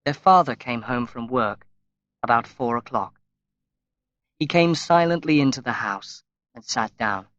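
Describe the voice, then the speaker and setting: A man reading a graded-reader story aloud as audiobook narration, slow and measured with long pauses. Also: mid-range voice, fairly bright tone, dry recording. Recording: dry, slightly dull lo-fi recording.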